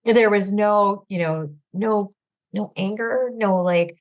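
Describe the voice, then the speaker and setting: A woman guest candidly telling her recovery story, halting and full of fillers, teary at times. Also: medium pitch, muffled recording. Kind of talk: emotional personal storytelling.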